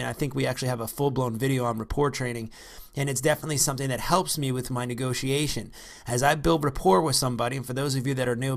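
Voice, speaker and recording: A man's voice: mid-range voice, creaky, fairly bright tone. A man in the role of a real estate investor teaching negotiation in a loose, conversational way. He rambles, restarts his sentences, and leans on fillers like "um" and "you know.". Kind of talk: casual instructional talk.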